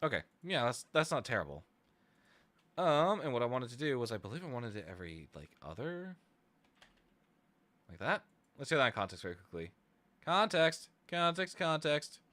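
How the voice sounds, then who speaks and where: A man streaming himself making music, chatting casually as he works, thinking out loud with hesitant restarts and sudden excited bursts. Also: mid-range voice, brisk, long pauses, no echo. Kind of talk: casual live-stream chat while producing music.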